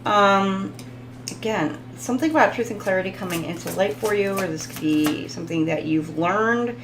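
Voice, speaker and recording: A woman's voice: mid-range voice, moderate pace, low-quality recording. A woman hosting a casual live tarot reading, chatting with viewers, laughing often and stumbling over foreign words. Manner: talks to viewers in the chat.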